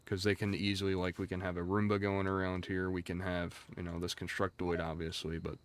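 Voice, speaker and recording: Chatty low-voiced male game streamer. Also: little pitch movement, brisk, clean tone. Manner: rambling, chatty, reads and answers chat. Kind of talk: casual livestream chat.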